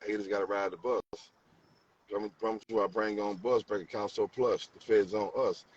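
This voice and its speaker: A man's voice: lowish voice, fairly even intonation, moderate pace, breathy edge. A man with a St. Louis accent in a casual debate, talking animatedly, repeating phrases and acting out quotes. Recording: distant mic, dull sound, faint room noise.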